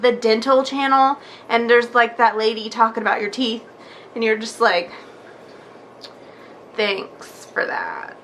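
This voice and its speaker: A young woman vlogger telling a story in a chatty, animated way, acting out what people said. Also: sits high, slight background noise. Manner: chatty, animated, acts out quotes with many likes. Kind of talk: casual storytelling vlog.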